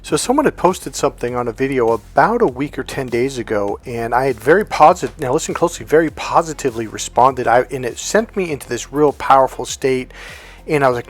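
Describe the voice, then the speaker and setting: A man's voice: medium pitch, animated, brisk, faint music behind. A man who coaches on relationships, giving a blunt, emphatic vlog rant and swearing freely.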